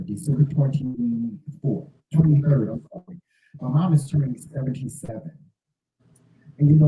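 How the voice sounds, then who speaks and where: A man's voice: medium pitch, dark tone, echoey room, rough recording. A man in his fifties hosting a talk show, speaking in a casual monologue that rambles and repeats words. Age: 50s. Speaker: show host.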